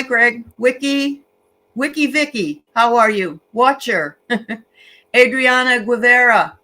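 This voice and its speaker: Bright-voiced woman co-hosting a livestream. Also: fairly high pitch, rough recording. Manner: greets viewers by name, chatty with frequent fillers. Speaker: livestream co-host. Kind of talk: casual livestream chat.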